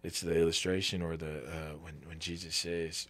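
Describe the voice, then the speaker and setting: A man in his thirties giving an earnest, halting faith testimony as a podcast guest, tearful. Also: rumbling low, little pitch movement. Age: 30s. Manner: halting, restarts often, earnest and tender.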